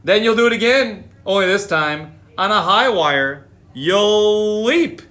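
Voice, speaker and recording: A man reading picture books aloud on a live stream, with animated, chatty asides. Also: high voice, slow pace. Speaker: storytime reader.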